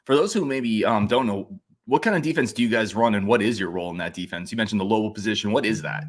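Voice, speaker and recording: A man hosting a podcast, asking casual interview questions in a friendly, brisk way. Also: fairly low pitch. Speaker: podcast host.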